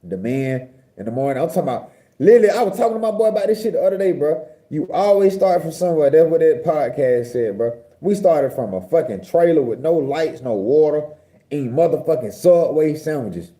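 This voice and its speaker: A young man from Georgia, telling a story in a casual, profane, animated way. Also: fairly high pitch, brisk. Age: young adult. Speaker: vlogger.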